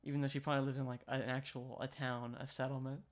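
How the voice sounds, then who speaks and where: A man from Louisiana chats casually on a livestream, full of jokes and quick laughter. His voice sits at an ordinary, middle pitch, easygoing and playful. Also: little pitch movement. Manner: jokey, laughs often, playful banter. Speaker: livestream host.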